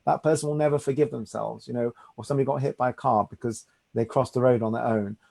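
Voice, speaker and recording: A man's voice: mid-range voice, steady tone, fast talker, gravelly, darkish tone. A man, a rabbi teaching a study class in a conversational way, often checking in with "right?". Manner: conversational, reassuring, asks "right?".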